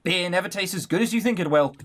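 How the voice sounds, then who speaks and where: A man's voice: high voice, fast, a bit bright. A man playing through a visual novel, reading the text aloud and making sarcastic asides between lines. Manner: switches between narration and character voices. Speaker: visual novel let's player.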